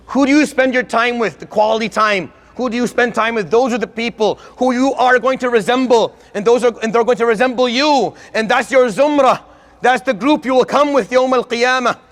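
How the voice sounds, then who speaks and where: A man's voice: very high voice, fairly bright tone. A man giving an earnest religious lecture, speaking emphatically and getting worked up as he urges his listeners. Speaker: Islamic lecturer.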